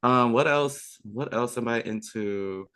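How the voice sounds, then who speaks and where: A man's voice: mid-range voice, takes it slowly, fairly bright tone, clear, resonant tone. Brief: young man, podcast guest, chatty, enthusiastic, lots of ums and restarts. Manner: chatty and enthusiastic, trailing fillers. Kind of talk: casual chat.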